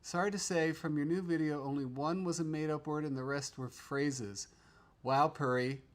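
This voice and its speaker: A man's voice: on the high side, steady tone, normal speed. Rambling, chatty man hosting a livestream. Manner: rambling, chatty, trails off and restarts. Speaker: livestream host. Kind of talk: casual livestream chat. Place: home studio room.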